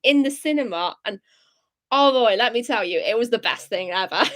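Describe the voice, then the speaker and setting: Young woman, high bright voice, bubbly live-stream host who reads out chat. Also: moderate pace. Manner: bubbly, reads chat comments aloud, excitable gasps.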